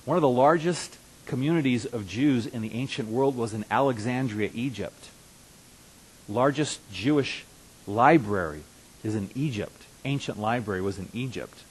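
A man's voice: mid-range voice, normal speed, breathy edge, low-quality recording. A man preaching a conversational sermon as pastor, who repeats and restarts words and rises to emphatic bursts. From Russia. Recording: faint hiss.

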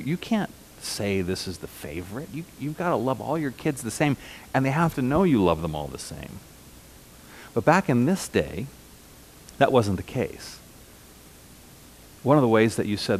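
A middle-aged man preaching a sermon in a conversational teaching manner, slowing down to repeat key phrases with emphasis. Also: medium pitch, very animated, slight background noise. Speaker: pastor.

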